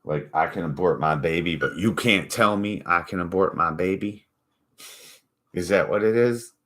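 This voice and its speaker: Profane, rambling deep-voiced man. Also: moderate pace, fairly bright tone. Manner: profane, mocking, rambling storytelling. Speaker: channel host. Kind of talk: casual rant to camera.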